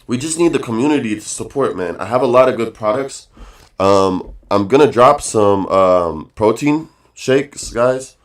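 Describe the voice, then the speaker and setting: A man talks straight to his stream audience in a loose, emphatic rant. He keeps repeating his points and tags them with "guys" and "bro". He trails into fillers when he loses the thread. His voice sits at an ordinary middle pitch. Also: lively intonation, unhurried. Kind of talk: casual livestream rant.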